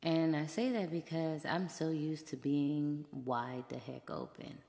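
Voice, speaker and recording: A woman's voice: low voice, steady tone, unhurried, gravelly, warm tone, long reverb tail. A woman hosting a podcast in a playful, chatty solo talk, laughing often. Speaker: podcast host. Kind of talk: casual solo chat.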